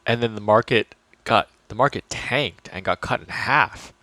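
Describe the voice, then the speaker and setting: A man's voice: lowish voice, normal speed, sharp tone, dry recording. A man talking casually about investing to his viewers, chatty and loose, full of fillers and restarts. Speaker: finance vlogger. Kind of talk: casual talk to camera.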